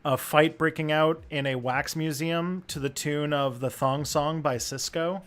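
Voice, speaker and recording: A man hosting a casual chat, relaxed and hesitant, often laughing as he speaks. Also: a little high, a little slow, soft background music. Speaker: host.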